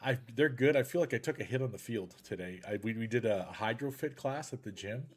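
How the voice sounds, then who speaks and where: A man's voice: medium pitch, a little fast. A man hosting a casual live chat show over a video call, joking and rambling, sounding a little congested. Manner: lively, jokey, rambling. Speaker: podcast host.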